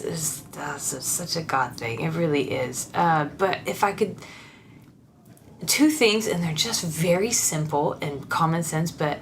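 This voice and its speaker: Casting: lower-voiced woman songwriter, relaxed interview chat, earnest, quick to laugh. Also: a little hiss or hum. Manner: laughs often, warm and candid, with frequent restarts; earnest and encouraging. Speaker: songwriter guest.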